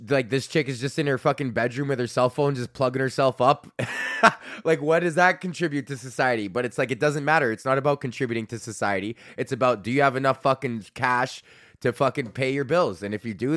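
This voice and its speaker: A man's voice: medium pitch, a bit bright, dry recording, clean studio sound. A man hosting a podcast from home, ranting casually, swearing a lot and laughing at himself. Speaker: podcast host.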